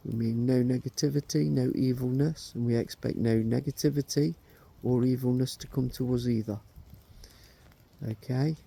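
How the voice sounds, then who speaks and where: A middle-aged man on a ghost hunt, calling out slowly and coaxingly to spirits and asking their names. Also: mid-range voice, steady tone, vocal fry, dark tone. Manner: slow, coaxing questions to spirits. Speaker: paranormal investigator.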